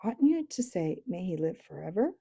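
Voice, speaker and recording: A woman's voice: fairly low pitch, very animated, normal speed, gravelly, mellow, husky, exaggerated voice. Woman doing an earnest young boy, storybook. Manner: earnest, unsure. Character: eager young fisherman's boy, timid yet hopeful.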